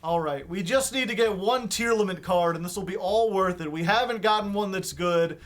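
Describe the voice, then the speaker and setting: A man's voice: high voice, moderate pace, fairly bright tone. A man streaming live, chatting casually with viewers and mumbling wry asides that often trail off.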